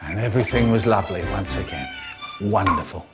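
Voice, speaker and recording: A man telling a comic story in an expressive, dramatic and playful way. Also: low-pitched, fairly quick, over music.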